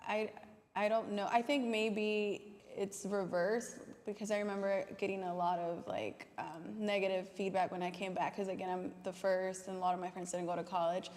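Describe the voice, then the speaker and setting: Flat-toned woman with a Mexican accent. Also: medium pitch, normal speed, big-room sound. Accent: Mexican Spanish. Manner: reflective, hesitant, with restarts. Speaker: panelist. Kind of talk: panel discussion.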